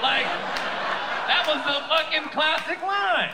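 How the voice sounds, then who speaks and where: A man doing a stand-up comedy set on a club stage, loud and animated, shouting his punchlines into a handheld mic. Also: very high-pitched, measured pace, noisy background.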